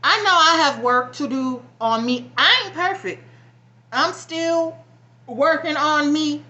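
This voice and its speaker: Vlogger, young woman: high, bright voice, blunt profane venting, near tears. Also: animated, slow pace, dull audio. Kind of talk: emotional personal vlog rant.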